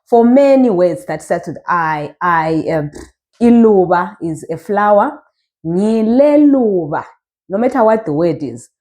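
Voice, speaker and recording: A woman with a Zimbabwean Ndebele accent teaching a language lesson, saying each word slowly so learners can repeat it. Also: lowish voice, expressive, a little mellow. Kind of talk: slow spoken language lesson.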